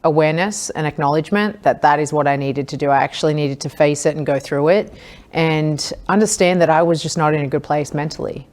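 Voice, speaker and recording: A woman's voice: low voice, brisk, a little mellow. A woman with an Australian accent, a podcast guest earnestly telling the story of her hardest times. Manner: earnest, reflective, recounting hard times. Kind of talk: candid personal storytelling.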